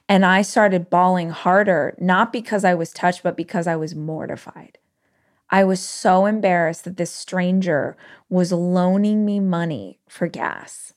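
A woman podcast host telling a personal story in an emotional, animated way with quick bursts. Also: on the low side.

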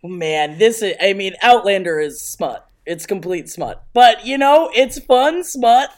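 A woman co-hosting a podcast, chatting casually in an animated, jokey way and swearing freely. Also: mid-range voice, measured pace. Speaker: podcast co-host. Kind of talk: casual gossip chat.

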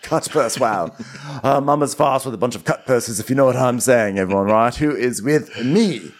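A man's voice: medium pitch, moderate pace. A man co-hosting a comedy podcast, recapping a TV episode in a rambling way, with lots of "like" and mocking quotes.

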